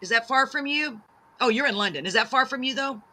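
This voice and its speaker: A woman hosts a live-streamed chat show, bubbly and effusive as she reads out comments. Her voice is very bright and sharp, and she pokes fun at herself. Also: high voice, fairly quick. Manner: bubbly, gushing, self-deprecating. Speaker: talk show host.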